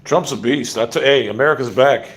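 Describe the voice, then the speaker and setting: A man's voice: medium pitch, moderate pace. Blunt rambling man on a livestream. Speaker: livestream host. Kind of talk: casual livestream rant.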